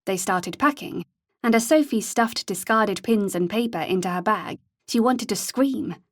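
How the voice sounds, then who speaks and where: Reading a scripted audiobook, a female narrator keeps a steady, measured storytelling pace in a mid-range voice. The studio-quality recording has no echo.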